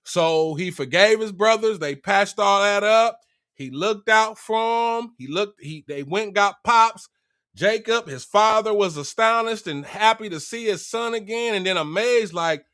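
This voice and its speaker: A man retelling a Bible story in a casual, slangy and animated way. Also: high voice, unhurried.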